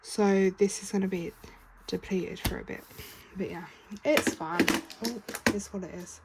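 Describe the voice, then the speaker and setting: A woman's voice: mid-range voice, steady tone, unhurried, low-quality recording. A British woman talking through her savings in a casual vlog, chatty and counting aloud, sometimes stopping to correct herself. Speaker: budgeting vlogger. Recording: clear background noise with keyboard clicks.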